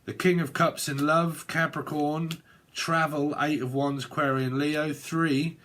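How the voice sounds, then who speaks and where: A man's voice: a little high, little pitch movement, unhurried, fairly bright tone. A man giving a casual tarot reading, rambling and swearing, often breaking into laughter. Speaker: tarot reader.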